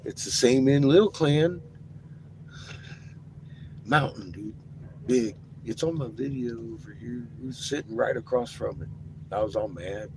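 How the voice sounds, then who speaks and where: Excitable profane man, noisy background. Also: medium pitch, unhurried, pauses often. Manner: excited, profane, laughing often. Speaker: vlogger. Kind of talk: rambling casual vlog talk. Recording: noisy, with vehicle ambience.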